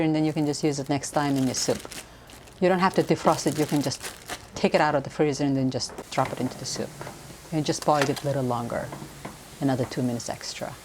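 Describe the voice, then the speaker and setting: Low-voiced middle-aged woman. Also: a little mellow, a little hiss or hum. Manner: chatty, laughs often, halting non-native grammar. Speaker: cooking channel host. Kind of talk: casual cooking chat. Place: home kitchen.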